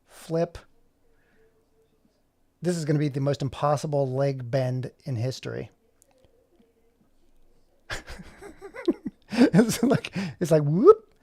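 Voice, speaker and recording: A man's voice: medium pitch, a little mellow, no echo. A man in his forties chatting casually on a livestream, joking and rambling to himself while he animates. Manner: joking, rambling self-talk while working. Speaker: animator streaming live.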